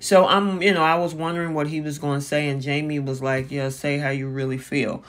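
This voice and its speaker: A recap host talks through a reality TV episode in a loose, conversational way. The voice sits at an ordinary middle pitch and keeps paraphrasing the cast, with plenty of "um" and "you know" along the way. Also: level tone, a little fast, fairly bright tone. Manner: chatty, paraphrasing with frequent fillers. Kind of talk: casual reality-TV recap commentary.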